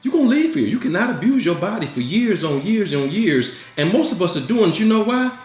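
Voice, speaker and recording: A man's voice: sits high, very animated, fairly quick. A man hosting his own commentary, giving a blunt, preachy motivational monologue that repeats its urgings. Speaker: commentary host. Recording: echoey room with faint music.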